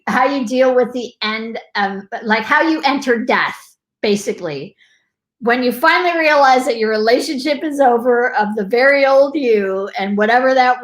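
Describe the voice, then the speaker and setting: A woman hosting a casual motivational live stream, bubbly and affectionate, chatting to her viewers. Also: on the high side. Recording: echoey room.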